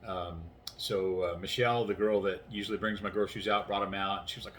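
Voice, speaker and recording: Tired man, 60s, rambling vlog chat at home, fairly low-pitched, faint hiss behind. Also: steady tone, brisk, few pauses, a bit bright. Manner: rambling, acts out conversations. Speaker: vlogger. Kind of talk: casual chatty storytelling. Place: inside his house, doors closed.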